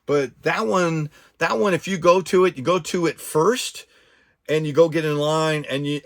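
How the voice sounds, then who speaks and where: A man hosting a podcast, chatting casually and rambling with frequent restarts and asides. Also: mid-range voice. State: out of breath. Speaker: podcast host.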